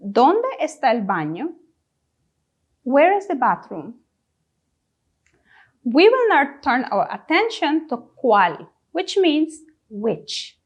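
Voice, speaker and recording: A high-pitched, sing-song woman from Guyana drills question words during a language lesson. Her delivery is slow and deliberate, with pauses left for the listener to repeat.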